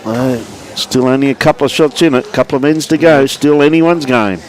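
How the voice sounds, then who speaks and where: A man's voice: medium pitch, a little fast, rough recording. An Australian man commentating a live lawn bowls stream in a chatty, matey way, greeting viewers by name. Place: outdoors at a bowls club.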